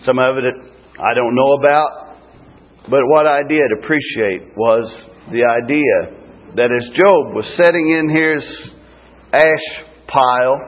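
A man delivers a sermon in a husky, slightly raised voice, taking his time with long dramatic pauses. The sound is thin and tinny, like a phone line. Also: medium pitch. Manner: slow, emphatic preaching with dramatic pauses. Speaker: street preacher.

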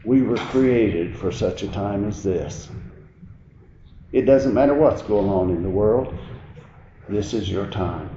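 A man preaching a sermon, moving between quiet reflective passages and raised, emphatic preaching. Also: on the low side, takes it slowly, pauses often, slight background noise. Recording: dull, roomy sound with faint ambience.

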